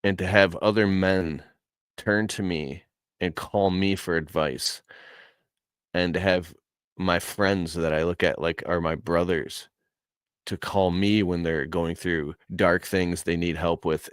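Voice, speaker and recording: A man's voice: deep voice, fairly even intonation, unhurried, clear, resonant tone, dry recording. A man telling a personal story in a casual, heartfelt way, earnest and emotional, with casual slang.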